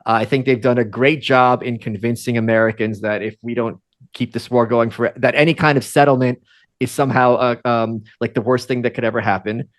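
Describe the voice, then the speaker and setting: A man's voice: mid-range voice, steady tone, a little fast. A man born in Ukraine, a podcast guest giving his opinions in a casual, rambling way. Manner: opinionated, rambling, uses fillers.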